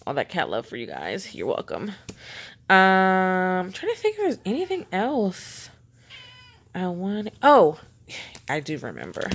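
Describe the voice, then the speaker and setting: Low, gravelly woman chatting casually. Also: very animated, unhurried. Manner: chatty, rambling, self-mocking, talks to her cat in a baby voice. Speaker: planner vlogger. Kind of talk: casual show-and-tell chat.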